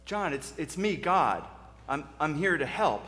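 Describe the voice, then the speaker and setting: A man voicing God as a calm, patient figure speaking gently, in a long-reverb church. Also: fairly high pitch, a little slow.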